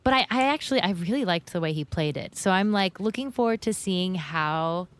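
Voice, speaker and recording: A woman's voice: fairly low pitch, animated, fairly quick. A woman co-hosting a podcast, talking playfully and giggling as she gives her opinion. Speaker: podcast co-host. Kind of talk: casual book-club chat.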